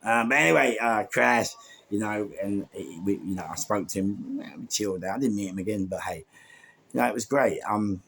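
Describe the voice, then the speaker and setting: Gravelly London man telling stories. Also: on the low side, normal speed. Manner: rambling, many restarts and fillers, animated asides. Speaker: podcast guest storyteller. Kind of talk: casual storytelling.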